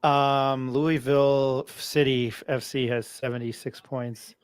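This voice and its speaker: A man's voice: medium pitch, flat delivery, slow, clear, resonant tone, no echo. A man hosting a casual sports chat, rambling through a story and losing his train of thought. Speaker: podcast host.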